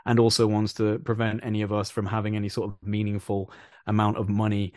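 A man in casual conversation, talking in an animated, rambling way and repeating phrases for emphasis. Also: lowish voice, fast talker, no echo, clean studio sound. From England.

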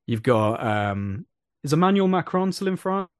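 A man in casual conversation, talking in an animated, rambling way and repeating phrases for emphasis. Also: a little high, moderate pace, dry recording, clean studio sound. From England.

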